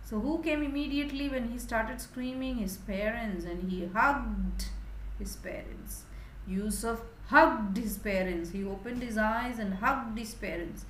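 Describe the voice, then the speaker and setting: A woman teacher explaining a story to young children, animated and asking them questions. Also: fairly high pitch, measured pace, roomy sound, a little hiss or hum, low-quality recording.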